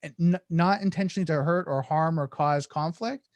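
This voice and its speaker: A slightly high-voiced man talks earnestly on a podcast, breaking into little acted-out exchanges to show his point. He restarts often as he thinks. The sound is close and dry, with no room around it. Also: moderate pace, darkish tone, dry recording. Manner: earnest, acts out sample dialogues, many restarts. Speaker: podcast guest, negotiation coach. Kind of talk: casual explanatory podcast talk.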